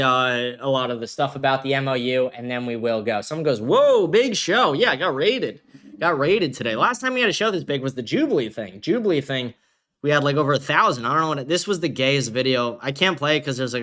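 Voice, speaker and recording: A man's voice: mid-range voice, bright, forceful tone. A man hosting a livestream, ranting casually and combatively with a lot of profanity. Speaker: livestream host.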